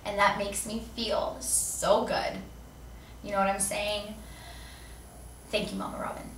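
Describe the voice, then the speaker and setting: A woman's voice: mid-range voice, level tone, unhurried, a bit bright. Earnest young woman, roomy distant recording. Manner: earnest and heartfelt. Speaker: vlogger host. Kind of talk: personal video message. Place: seated indoors. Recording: roomy echo, distant mic, faint room noise.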